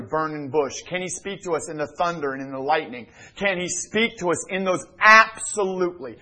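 Male pastor, husky, fairly high voice, preaching in a church, loud then hushed. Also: low-quality recording. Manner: swings from loud emphatic preaching to hushed near-whispers. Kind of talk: sermon. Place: church sanctuary.

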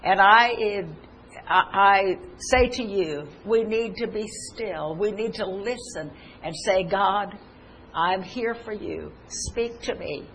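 A woman's voice: medium pitch, takes it slowly, a bit bright, slight background noise, poor audio. Earnest woman preaching a sermon. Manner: earnest, with many restarts, quoting scripture aloud. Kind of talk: televised sermon.

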